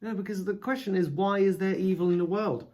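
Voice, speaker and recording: A man thinking out loud as he reads scripture, with a rambling, self-deprecating, easygoing delivery. He wanders between quoted verses and casual asides, recorded indoors at home. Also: sits high, fairly even intonation, brisk, heavy background noise. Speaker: video creator. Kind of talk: casual musing while reading scripture aloud.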